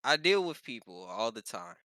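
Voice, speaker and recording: Young man from Baltimore, lively bright chatter. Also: medium pitch, moderate pace, dry recording, studio quality. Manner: rambling, restarts, laughs often. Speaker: podcast co-host. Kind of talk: casual podcast chat.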